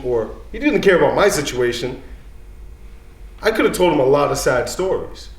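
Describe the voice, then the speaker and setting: A man's voice: mid-range voice, big pitch swings, quick pace, reverberant. A man in his thirties, a dean of students, telling a personal story live in a casual, streetwise way, full of "you know".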